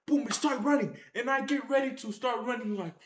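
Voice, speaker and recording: A speaker telling a wild story to viewers in casual slang, acting out fights with shouted sound effects and repeated phrases. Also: medium pitch, a little fast, reverberant, slight background noise. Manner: excited, acts out the action with sound effects and shouts. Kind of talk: animated tall-tale storytelling to viewers.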